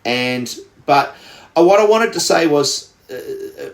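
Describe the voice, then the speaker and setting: An Australian man co-hosting a podcast tells a story in casual chat, rambling with lots of restarts and fillers. His voice is on the high side and expressive, his pace slow, and the sound roomy.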